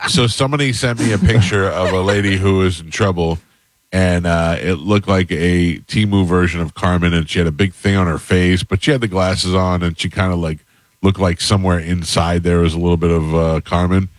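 A middle-aged male radio host with a very low voice tells a story in a relaxed, deadpan way, playing both sides of his phone calls. He is recorded close on a studio mic in a dead-dry room. His delivery stays unhurried and matter-of-fact. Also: no echo. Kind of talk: casual on-air chat and storytelling.

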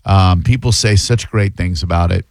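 A man's voice: low-pitched, normal speed, creaky, no echo. A man hosting a talk radio show, chatting loosely and joking with his co-host and callers. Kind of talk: casual talk radio chat. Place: radio studio. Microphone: studio mic.

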